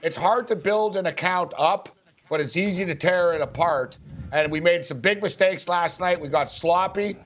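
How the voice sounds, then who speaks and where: A man hosting a sports betting show, talking loudly and laughing as he jumps in over his co-hosts. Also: high-pitched, moderate pace, muffled recording. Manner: loud, laughing, talks over others. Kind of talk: casual sports betting chat.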